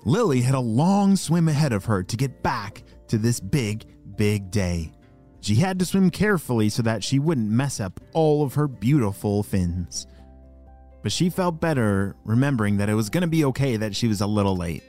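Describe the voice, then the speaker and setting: A man narrating a children's story, animated and talking directly to young listeners with questions. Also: mid-range voice, moderate pace, soft background music.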